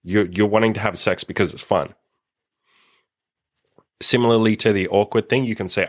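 A man's voice: on the low side, fairly even intonation, normal speed, long pauses. A young man hosting a casual solo dating podcast, blunt and swearing freely as he acts out bits of conversation. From Australia. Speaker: dating coach podcast host.

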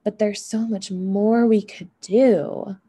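A woman giving a reflective monologue on emotions and healing. She talks in an unhurried, musing way and often adds "right?" and "you know". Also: mid-range voice, fairly even intonation, warm tone, slightly rough.

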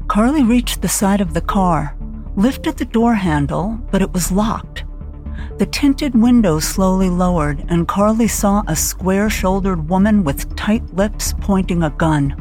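A woman narrating an audiobook thriller in a steady, dramatic reading voice. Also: medium pitch, a little slow, faint music behind.

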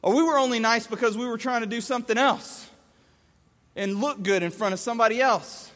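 A man delivers a sermon in a very high, bright, forceful voice. He tells his stories with lively energy and acts out the scenes. His voice rings through a large hall with long reverb. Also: fairly quick. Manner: animated storyteller acting out scenes. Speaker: pastor.

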